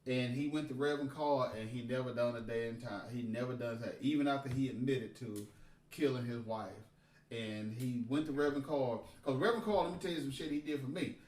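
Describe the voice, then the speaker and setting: A man telling a profane, animated story in casual podcast chat. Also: mid-range voice, fairly quick. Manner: animated, profane, emphatic retelling. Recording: roomy and distant from the mic.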